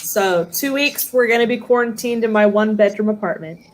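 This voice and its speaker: A woman's voice: mid-range voice, brisk, slight background noise, rough recording. A woman from Southern California chatting casually about her family on a video call, sometimes mimicking relatives in a sing-song voice.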